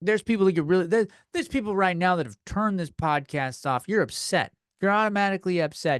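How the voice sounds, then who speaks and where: A young man tears through a comedic podcast rant, swearing freely and blowing every gripe out of proportion. His voice sits a bit high. The mic is close and dead dry, with no room sound. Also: expressive, a little fast, few pauses, no room sound. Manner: profane, heated, exaggerated ranting. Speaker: podcast host.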